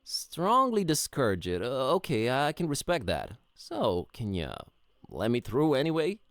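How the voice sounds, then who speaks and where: A man with a medium-pitched voice and huge swings in pitch talks a little slowly, voicing a wry, easygoing adult adventurer in a game. He sounds curious, and the studio voice-over is dry with no echo.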